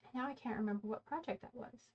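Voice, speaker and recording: A woman's voice: on the high side, quick pace, breathy edge. A woman hosting a casual makeup livestream, chatting and rambling as she works and often correcting herself mid-sentence. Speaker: beauty livestream host. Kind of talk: casual get-ready-with-me livestream chat. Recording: slightly dull lo-fi sound.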